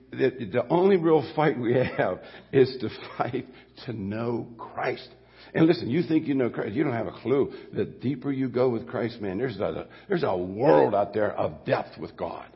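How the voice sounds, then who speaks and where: A man's voice: mid-range voice, breathy edge. An older man, preaching a sermon as a guest pastor in a church, folksy and rambling, with restarts and storytelling asides. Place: church sanctuary. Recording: muffled church recording with long hall reverb.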